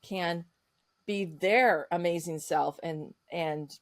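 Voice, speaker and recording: A woman's voice: on the low side, slow pace. A woman hosting a podcast, speaking thoughtfully and searching for her words. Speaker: podcast host. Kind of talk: podcast conversation.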